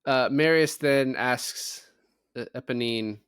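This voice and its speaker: A man's voice: mid-range voice, takes it slowly, a bit bright, clean tone, no room sound, studio quality. A man co-hosting a casual movie review podcast, loosely recapping the plot and joking about the characters. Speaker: podcast co-host.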